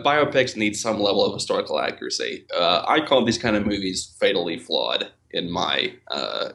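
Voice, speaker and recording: Deep-voiced man musing with many fillers. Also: creaky, a bit bright. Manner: thoughtful, hesitant with many fillers. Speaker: podcast host and film reviewer. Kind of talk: casual podcast discussion.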